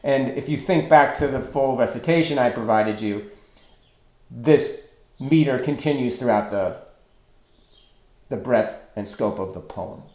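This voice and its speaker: A man teaching a recorded online lesson on poetic meter, slow and deliberate as he counts out stresses and feet. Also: mid-range voice, a little mellow. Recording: echoey room.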